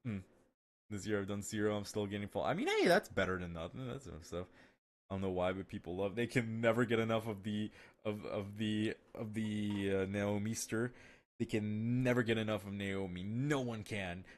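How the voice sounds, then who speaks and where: Rambling, profane male streamer, slightly low voice. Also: moderate pace. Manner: rambling and profane, with many fillers and restarts; laughs often at his own jokes. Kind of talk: casual live-stream chat.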